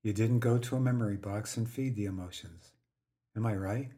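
A man voicing a calm, patient woman friend who speaks softly but firmly. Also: on the low side, normal speed, natural voice. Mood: gentle, firm. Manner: soft but firm.

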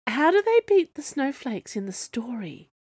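A woman's voice: sits high, very animated, normal speed, darkish tone, breathy edge, dry recording, studio quality, pitched above the performer's own voice, exaggerated voice. A woman reading the lines of a bold, sardonic young woman champion who carries a sword, in a storybook serial.

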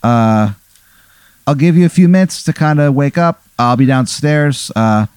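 A man's voice: medium pitch, animated, unhurried, a little mellow, clear, resonant tone, dry recording, natural voice. A man voicing a cheerful dad who speaks in a chipper, overly friendly way. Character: cheerful folksy dad waking his son.

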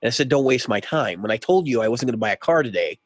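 A man's voice: medium pitch, animated, fast talker, no echo. A man co-hosting a podcast who tells a long story in casual chat and acts out both sides of a heated exchange. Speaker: podcast co-host.

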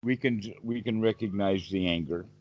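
A man giving a calm, explanatory Buddhist talk on a group call, often repeating words as he thinks. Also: lowish voice, moderate pace, muffled recording. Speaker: Buddhist teacher. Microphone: video call.

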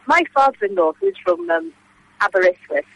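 A woman's voice: high voice, sing-song, normal speed, vocal fry, a bit bright, no echo, rough recording. An Englishwoman chatting on the radio by mobile phone from outdoors, rambling through anecdotes and laughing often. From England. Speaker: phone-in guest. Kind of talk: casual radio chat. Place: outdoors outside a coffee shop.

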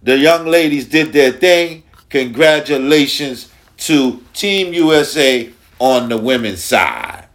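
A man from Long Island talks sports on his podcast, taking his time with each phrase. He leans hard on repeated words and emphatic asides, and his pitch sits in a middle range. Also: expressive, slow. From Long Island, New York. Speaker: podcast host. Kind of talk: casual sports talk.

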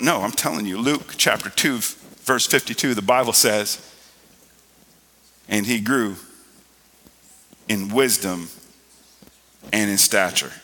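Male pastor, sharp bright tone, preachy and emphatic, church hall reverb. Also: fairly low pitch, slightly rough. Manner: preachy, rising to loud emphatic stretches. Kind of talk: sermon. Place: church sanctuary.

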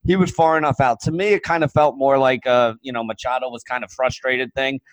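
A man's voice: medium pitch, fairly even intonation, a little fast, no echo, rough recording. A man talking sports casually, rambling and hedging with lots of fillers. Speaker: podcast panelist.

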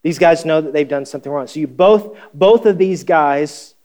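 A pastor preaching a conversational sermon, reading scripture and asking the congregation questions with wry humor. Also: male voice, a little high, moderate pace, darkish tone.

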